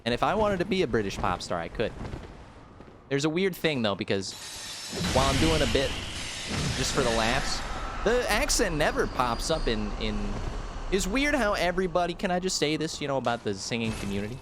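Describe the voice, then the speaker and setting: Young male streamer from the United States, mid-range voice with a very lively pitch, loose and jokey, faint noise under the track. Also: fairly quick. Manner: rambling, jokey, animated, lots of fillers. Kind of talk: casual live-stream commentary.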